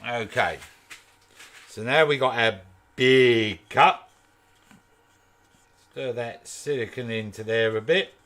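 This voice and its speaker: A man's voice: medium pitch, slow pace, pauses often, a bit bright. A man from East London with a Kent accent, hosting a woodturning video, chatting casually and joking while answering viewer comments as he works. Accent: Kent English. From East London, England. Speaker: woodturning channel host. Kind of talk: casual live demo chat.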